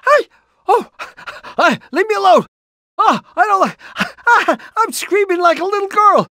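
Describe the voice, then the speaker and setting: A jittery cartoon rooster dad, fussy and easily rattled, stammering through his lines. His voice sits high and swings widely, yelping up when frightened, yet he talks at an unhurried pace in a dry, close recording. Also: big pitch swings, a bit bright, no echo, heavily acted. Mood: panicky. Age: older. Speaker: voice actor in a video game.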